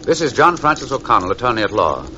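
A man's voice: medium pitch, very animated, fast talker, natural voice. An actor playing a desperate male attorney in an old radio drama, urgent and pleading. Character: frantic male attorney racing to save a condemned man. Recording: lo-fi old radio recording with hiss.

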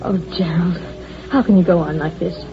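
A woman's voice: on the low side, steady tone, moderate pace, natural voice. A woman playing a sarcastic, emotionally torn secretary in a 1940s-style radio drama, on a dull old recording with faint music underneath. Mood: pleading. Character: sharp-tongued female secretary, bitter and torn.

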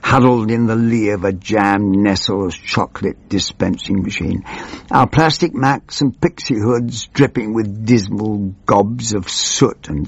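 A man playing a rambling, pompous, forgetful older member of parliament in a comic monologue, with a creaky, husky, plummy voice. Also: on the low side, no room sound, muffled recording, heavily acted. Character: doddering old male MP, pompous, rambling.

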